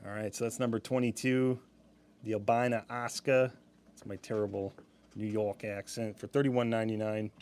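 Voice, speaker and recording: A man's voice: fairly low pitch, fairly even intonation, fairly quick, darkish tone, smooth. A young man hosting a live-stream sale, chatting casually with easy laughs and rambling asides.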